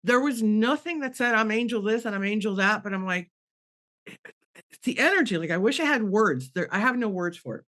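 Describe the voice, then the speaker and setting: A woman's voice: animated, moderate pace. Earnest middle-aged woman telling a story. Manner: earnest, acts out dialogue with rising pitch, drops low and soft when moved. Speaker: guest medium on a panel. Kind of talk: emotional personal storytelling.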